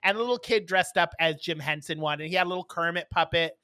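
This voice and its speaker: A man's voice: on the high side, fast, sharp tone, clear, resonant tone, dry recording. A man co-hosting a casual podcast chat, telling stories in a blunt, snarky way. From New York. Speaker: podcast co-host.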